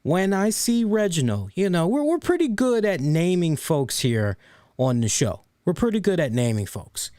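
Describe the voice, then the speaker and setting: A man's voice: sits high, moderate pace, dry recording, studio quality. A man hosting a wrestling review show, ranting sarcastically with lots of swearing and repeated phrases. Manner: animated, sarcastic, profane, repeats phrases for emphasis. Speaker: podcast host. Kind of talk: casual wrestling review rant.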